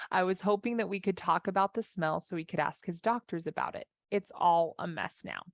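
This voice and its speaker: Energetic woman life coach, dry sound. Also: fairly low pitch, normal speed, vocal fry, dry recording. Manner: animated, conversational, acts out inner voices. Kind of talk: coaching talk.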